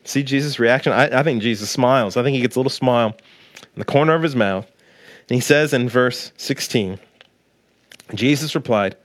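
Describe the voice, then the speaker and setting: A man in his thirties, a pastor preaching a sermon to listeners at home, animated and acting out the quoted voices. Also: normal speed, no room sound, clean studio sound. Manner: animated, acts out quoted voices with big pitch jumps; direct address to listeners at home.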